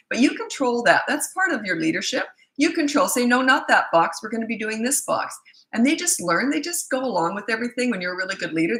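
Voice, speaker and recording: A woman's voice: mid-range voice, poor audio. A middle-aged woman, a parenting coach, giving casual advice and acting out what she and her kids said. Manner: animated, acts out quoted voices. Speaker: parenting coach answering questions.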